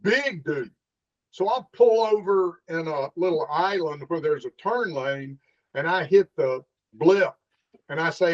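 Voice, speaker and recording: A man's voice: a little high, a little slow. A middle-aged man and former police officer telling stories in a casual interview, acting out the dialogue as he goes. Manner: animated storyteller, acts out the dialogue. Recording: dull lo-fi sound.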